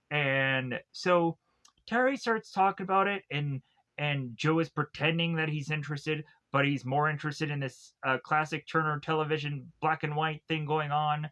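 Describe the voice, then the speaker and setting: Young man, slightly high voice, rambling comedic movie recap, laughs at own jokes. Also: measured pace, sharp tone. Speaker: movie reviewer. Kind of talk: casual comedic recap with goofy quoted asides.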